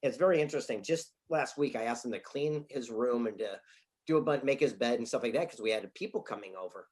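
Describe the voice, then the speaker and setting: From his office, a male author and speaker answers interview questions with lively anecdotes, acting out the dialogue he quotes. His voice is mid-pitched and quick.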